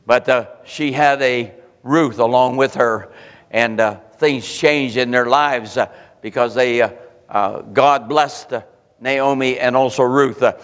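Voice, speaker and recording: High-voiced older preacher in a reverberant church. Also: male voice, a bit bright, clean tone, dull audio. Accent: Pennsylvania. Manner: preachy, filler-heavy, voices the crowd's complaints. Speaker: pastor. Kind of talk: sermon. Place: church sanctuary.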